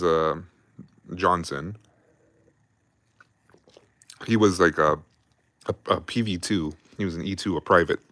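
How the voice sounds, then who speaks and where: An army veteran hosts a livestream, drinking beer while casually telling war stories full of swearing and fillers. His low, slightly bright voice rambles along profanely, and the recording has no echo.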